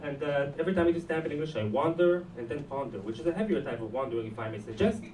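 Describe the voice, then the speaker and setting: Animated Israeli man doing stand-up. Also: on the high side, racing, a little hiss or hum. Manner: animated, punchy delivery. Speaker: stand-up comic. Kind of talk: stand-up set. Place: comedy club. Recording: roomy club sound from a distance. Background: audience laughter.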